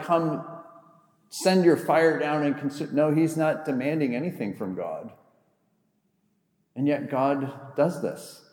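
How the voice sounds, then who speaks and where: A man's voice: mid-range voice, mellow. A man preaching a sermon as a pastor, retelling a Bible story in a conversational, humorous way. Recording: echoey hall with long reverb.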